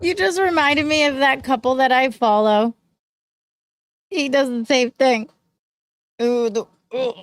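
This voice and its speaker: Teasing woman co-host, slightly high voice. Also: no echo. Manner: teasing, gossipy, quick retorts. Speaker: podcast co-host. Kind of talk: casual live-stream chat.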